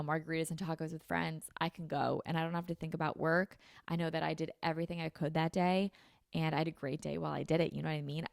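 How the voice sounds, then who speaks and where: Young woman, podcast host, low voice, vocal fry, dry close sound, casual chatty monologue. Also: a little mellow, no echo. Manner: chatty, filler-heavy, upbeat self-help talk. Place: her apartment.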